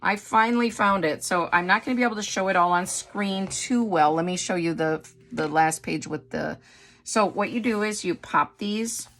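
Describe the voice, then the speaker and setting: A middle-aged woman from Wisconsin talks to her viewers in a rambling, gushing way. Her is clear, and her voice sits a little low. She sounds like a casual craft-haul vlog. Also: normal speed, fairly bright tone. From Wisconsin, USA. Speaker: craft vlogger. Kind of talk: casual haul chat to camera.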